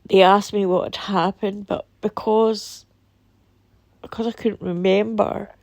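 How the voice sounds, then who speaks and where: A Scottish woman telling a painful personal story in a halting, somber way, with many pauses and restarts. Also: mid-range voice, fairly even intonation, a little mellow, no room sound. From Scotland. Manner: somber and emotional. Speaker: vlogger. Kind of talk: personal testimony.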